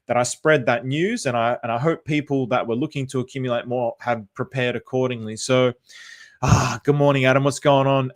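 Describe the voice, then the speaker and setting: Upbeat Australian man streaming live. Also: medium pitch. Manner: upbeat and chatty, often repeats phrases; greets viewers by name and reads chat. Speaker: livestream host. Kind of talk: casual livestream commentary.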